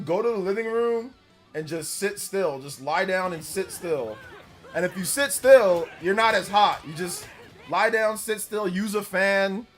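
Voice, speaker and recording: A man in his forties from Central California, chatting casually on a live stream in a rambling, filler-heavy way. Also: high voice. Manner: loud, laughing retelling of stories. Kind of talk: casual live-stream chat, reading donations.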